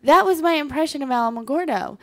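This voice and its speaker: Animated woman telling a blunt story. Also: sits high, fast talker. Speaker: podcast co-host and comedian. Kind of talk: casual chat.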